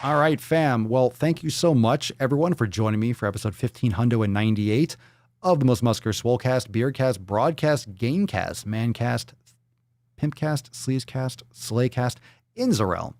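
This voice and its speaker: A man's voice: medium pitch, expressive, normal speed, darkish tone, no room sound, clean studio sound. A man hosting a fitness livestream in casual banter, playful and theatrical, swearing freely. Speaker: livestream fitness show host.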